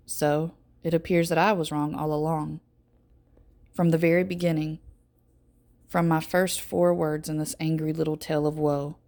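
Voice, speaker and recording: A teacher reading a first-person novel aloud to her class in steady, measured narration. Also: low-pitched, gravelly.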